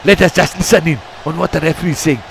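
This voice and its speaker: Giggly, excitable man commenting on football. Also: on the high side, rapid-fire, vocal fry, a little hiss or hum. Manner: chatty, giggly banter that swings into excited shouting on attacks. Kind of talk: amateur live football commentary.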